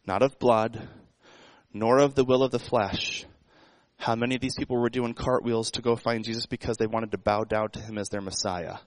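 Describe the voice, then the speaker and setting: A man's voice: mid-range voice, fairly even intonation, normal speed, no echo, low-quality recording. A man preaching a sermon in a conversational way, asking the congregation rhetorical questions. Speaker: pastor.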